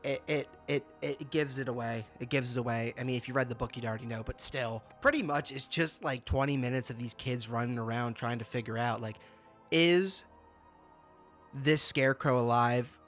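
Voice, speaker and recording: A man's voice: medium pitch, normal speed, a bit bright. Young man, casual review host, exasperated laughing tone, stammering repeats, faint music underneath. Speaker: booktuber host.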